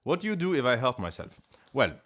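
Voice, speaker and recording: Speaking a little fast in a mid-range, slightly bright and very animated voice, a streamer and voice actor chats from home on a live stream. His English carries a put-on French accent, and his talk is rambling, playful and self-mocking.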